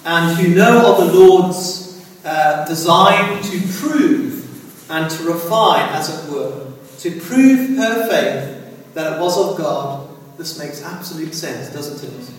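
A man preaching a sermon, slow and halting, often saying "as it were" and "dear friends". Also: a little high. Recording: echoey hall from far off.

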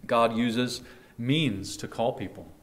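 A man delivers a sermon at an unhurried, deliberate pace. His pitch sits in the ordinary middle for a man. He swells loud and earnest on quoted lines, then sinks to a near hush at phrase ends. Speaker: pastor.

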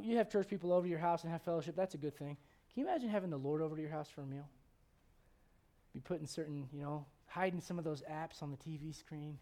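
A man's voice: fairly high pitch, warm tone. A middle-aged male pastor preaching a sermon with humor and many rhetorical questions.

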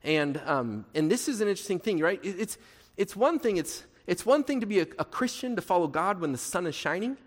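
A man preaching a sermon with a slightly raised pitch. His delivery is loose and conversational, with rhetorical questions to the congregation. The voice rings out with a long reverb in a large hall. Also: sing-song, brisk. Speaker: pastor.

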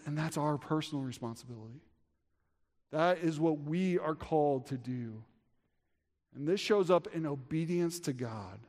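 A man in his thirties preaching a sermon as pastor, earnest, swinging from emphatic high peaks to quiet low drops. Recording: long hall reverb.

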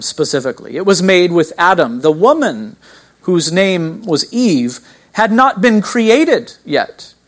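A man delivers a sermon as pastor, his voice sitting a little high for a man. He preaches emphatically, throws rhetorical questions at the listeners and drags out key words to drive them home.

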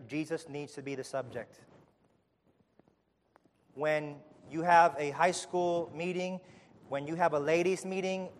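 A man preaching a sermon to his congregation, building to loud emphatic peaks with repeated phrases, then dropping low and quiet. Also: big-room sound, a little hiss or hum. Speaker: pastor.

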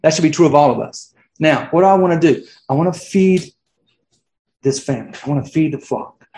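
A man's voice: fairly high pitch, animated, fairly quick, darkish tone. A middle-aged man preaching a sermon as pastor, casual and conversational, full of fillers and restarts. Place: church sanctuary. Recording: roomy church echo.

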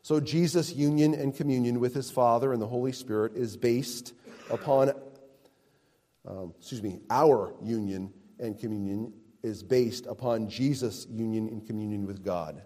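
A pastor preaching a sermon, slow and emphatic, with his voice rising and falling for emphasis. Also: medium pitch, dark tone, big-room sound.

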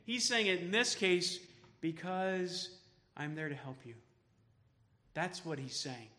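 Bright-voiced man preaching in a church hall. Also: high-pitched, lively intonation, takes it slowly. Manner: emphatic preaching, dropping to soft tones for quoted words of comfort. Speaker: pastor. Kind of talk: sermon. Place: church sanctuary.

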